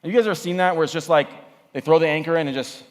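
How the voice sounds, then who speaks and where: A man preaching at a youth camp, energetic and conversational, often repeating himself. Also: on the high side, very fast. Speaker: camp speaker. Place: camp meeting hall. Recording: echoey hall.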